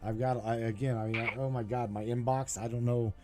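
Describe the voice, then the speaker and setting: A man's voice: brisk, over music. Emphatic man hosting a call-in show. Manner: emphatic, swearing freely, swinging between low and excited. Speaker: host. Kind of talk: casual call-in chat.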